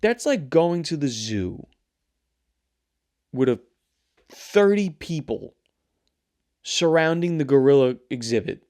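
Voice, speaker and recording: A young man hosting his own show, rambling and swearing in a casual, animated rant. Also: a little high, takes it slowly, long pauses. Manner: rambling, profane, animated ranting. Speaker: show host. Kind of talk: casual solo commentary.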